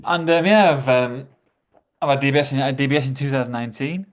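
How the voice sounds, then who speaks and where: Guy, middle aged, stops and repeats himself a lot, relaxed chat. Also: mid-range voice. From England. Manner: halting, repeats words. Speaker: podcast guest. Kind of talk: casual chat.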